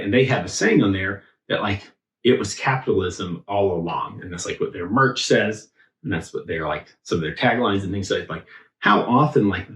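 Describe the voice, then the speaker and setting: A man's voice: sits low, fairly bright tone, reverberant, low-quality recording. A man giving a casual, conversational sermon in a church, thinking aloud with many filler words. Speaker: preacher. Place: church sanctuary.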